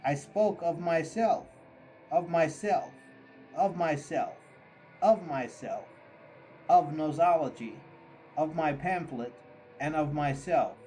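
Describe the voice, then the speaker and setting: A man reading a classic story aloud as an audiobook narrator, slow and deliberate. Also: fairly high pitch, animated, mellow, faint music behind, rough recording. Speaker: audiobook reader. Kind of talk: scripted narration.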